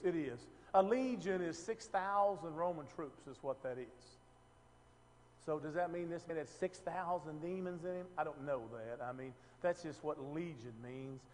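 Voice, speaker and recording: A man's voice: on the high side, darkish tone, in a large hall, a little hiss or hum. A man teaching a Bible passage in a casual, conversational way, often asking the room questions and restarting his sentences. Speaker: preacher.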